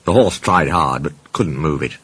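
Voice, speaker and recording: A man narrating a children's storybook in an expressive, lively way. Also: a bass voice, moderate pace, slightly rough. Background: soft background music.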